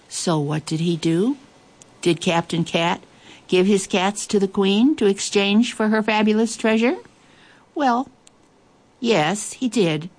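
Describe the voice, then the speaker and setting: A woman reading a children's story aloud in a lively, expressive way, with playful asides. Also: mid-range voice, slow pace, pauses often.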